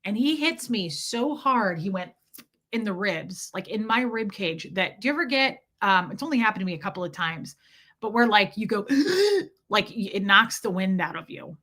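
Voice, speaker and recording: A woman's voice: medium pitch, animated, moderate pace, bright, forceful tone. A woman from Kansas City, podcast host, telling a personal story candidly and emotionally with lots of "like" fillers. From Kansas City, USA.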